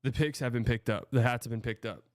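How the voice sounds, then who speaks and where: A man's voice: medium pitch, quick pace, slight background noise. A young man from Texas hosting a show, reading viewer comments in a loose, rambling, chatty way. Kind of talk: casual livestream chat.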